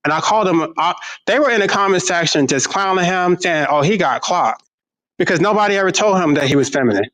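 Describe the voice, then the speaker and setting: A man's voice: high-pitched, fast talker, hardly any pauses, fairly bright tone, rough recording. A man speaking as a panelist in a casual online panel discussion, candid and emphatic, swearing freely. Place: online video call.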